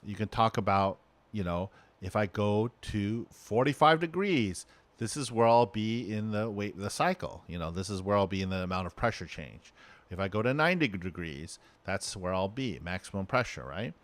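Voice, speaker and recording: A middle-aged man teaching a recorded lecture, halting and checking in with "right?" and "okay?". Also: on the low side, animated, a bit bright, no echo.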